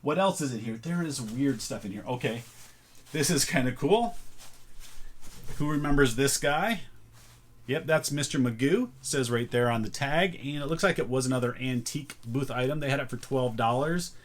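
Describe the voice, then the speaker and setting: A man's voice: mid-range voice, moderate pace. A man casually chatting through a thrift haul, thinking aloud as he sorts items. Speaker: reseller showing a thrift haul. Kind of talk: casual vlog chat.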